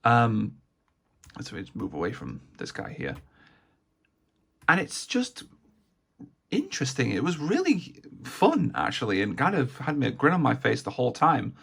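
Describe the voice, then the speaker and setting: A man with a hoarse, raspy voice, chatting casually in a gaming vlog and rambling with many fillers. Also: medium pitch, wildly swooping pitch, normal speed, long pauses, a bit bright. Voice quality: raspy, gravelly. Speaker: vlogger.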